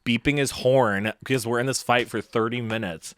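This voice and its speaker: A man's voice: mid-range voice, steady tone, normal speed, a bit bright. A man, a guest comedian on a podcast, telling a story casually and acting out both sides of an argument with rising heat.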